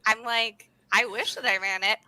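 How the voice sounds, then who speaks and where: A woman's voice: fairly high pitch, steady tone, normal speed, pushed and bright, smooth, dry recording, low-quality recording. A young American woman co-hosting a casual livestream, bubbly, laughing often and exclaiming as she chats. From United States. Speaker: co-host.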